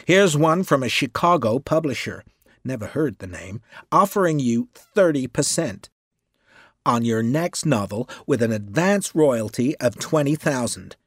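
A man voicing a cheerful, humble male secretary, talking briskly in a husky voice. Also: medium pitch, animated, fairly bright tone, no echo, clean studio sound.

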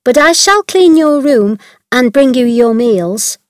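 A woman voicing a cheerful, chatty and kind young female servant in a storybook reading, with a brisk, friendly manner. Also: sits high, lively intonation, no room sound, pitched above the performer's own voice.

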